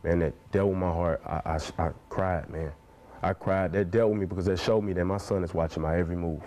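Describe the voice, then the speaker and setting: Fervent man in his twenties, dark-voiced. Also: low voice, steady tone, fairly quick. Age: 20s. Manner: passionate, preacher-like cadence, fills every phrase with "man". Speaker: interviewee. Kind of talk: earnest interview talk.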